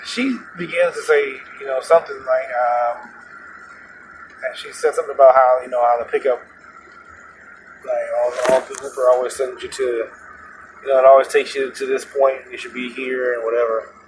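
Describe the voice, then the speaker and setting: A man who drives for rideshare and hosts the show, telling a story casually in an animated, repetitive way while laughing at it. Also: medium pitch, normal speed, faint music behind. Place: inside a moving vehicle. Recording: noisy moving car.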